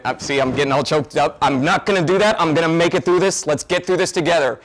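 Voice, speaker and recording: A man's voice: fairly high pitch, fast talker, hardly any pauses, fairly bright tone. A man hosting a virtual fundraising event, effusive and full of thanks. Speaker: event host.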